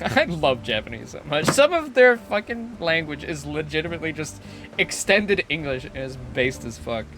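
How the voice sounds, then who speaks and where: A young man streaming a video game, joking, swearing and reading dialogue aloud with loud excitement. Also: on the high side, normal speed. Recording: game music behind.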